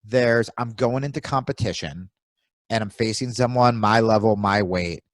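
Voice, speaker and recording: A man's voice: on the low side, normal speed, no room sound. A man co-hosting a podcast in casual chat, giving blunt, profane coaching advice. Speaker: podcast co-host.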